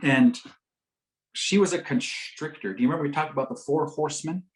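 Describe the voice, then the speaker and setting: A middle-aged man with a fairly high voice speaks a little fast at a community health forum, recounting a patient story. He shifts vividly from loud emphasis to soft, gentle quotations, captured on a low-quality recording.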